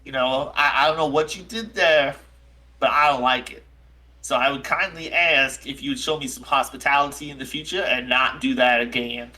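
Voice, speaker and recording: A man's voice: mid-range voice, moderate pace, pushed and bright, low-quality recording. A man voicing a jittery male biker character who talks in casual slang and sounds hurt and offended. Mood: aggrieved. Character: jittery male NPC biker, easily spooked, whiny.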